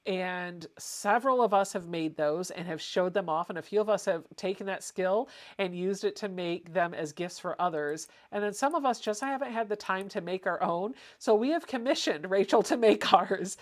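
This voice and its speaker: A woman's voice: medium pitch, normal speed, hardly any pauses. A woman hosting a casual home livestream, chatting and reading viewer comments aloud. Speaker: livestream host.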